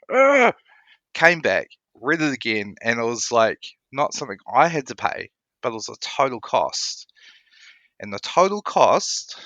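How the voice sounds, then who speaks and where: A man's voice: medium pitch, dry recording, highs cut off. A man with a New Zealand accent, a podcast guest telling a personal story and acting out his reactions. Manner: animated storyteller, acts out his own reactions. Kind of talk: storytelling interview.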